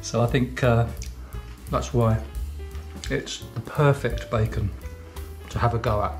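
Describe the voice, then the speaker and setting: A man's voice: medium pitch, fairly even intonation, unhurried, darkish tone, faint music behind. A man teaching cookery, chatting casually to the camera while he eats and talking through mouthfuls. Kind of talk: casual tasting chat to camera.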